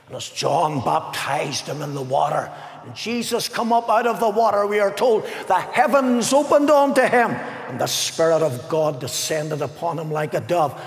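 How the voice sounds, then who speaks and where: High-voiced preacher in echoing arena. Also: male voice, lively intonation, moderate pace. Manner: swings between ringing declamation and hushed low solemn passages. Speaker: pastor. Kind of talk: fervent evangelistic sermon. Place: large indoor arena. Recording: echoey arena with long reverb.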